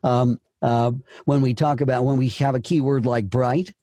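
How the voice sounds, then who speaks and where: A man's voice: mid-range voice, steady tone, moderate pace, warm tone, no echo, clean studio sound. A man explaining voice-acting technique in an emphatic teaching manner, posing rhetorical questions. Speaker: voice-over coach. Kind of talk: conversational interview.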